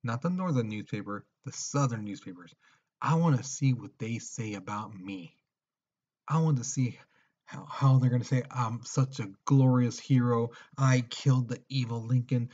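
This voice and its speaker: A man's voice: medium pitch, normal speed, a little mellow, husky, dull audio, close to an everyday voice. A man voicing a boastful, indignant assassin in a casual history lesson retelling. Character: boastful male assassin craving praise.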